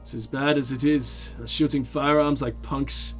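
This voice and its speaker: A man voicing a calm, reserved police lieutenant in a video game, speaking in a measured, dry way. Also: mid-range voice, breathy edge, soft background music, voice pushed down, natural voice.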